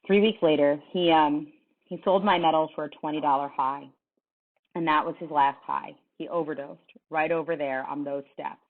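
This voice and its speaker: A woman's voice: sits low, steady tone, normal speed. A woman reading aloud as a firm middle-aged male coach, blunt and somber. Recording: tinny phone-like sound.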